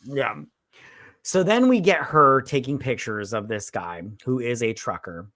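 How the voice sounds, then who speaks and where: A woman's voice: extremely low pitch, lively intonation, unhurried, fairly bright tone, dry recording, clean studio sound. A woman co-hosting a casual movie review chat, rambling and swearing as she retells scenes and quotes the characters. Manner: rambling, profane, recounts scenes with quoted lines. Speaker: co-host.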